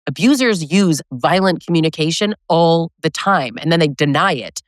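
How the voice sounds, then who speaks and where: Her voice is low with lively intonation, moving at normal speed in a dry, studio-grade recording. Speaking straight to camera as an educator on abusive relationships, she coaches emphatically and keeps finishing thoughts with "right?".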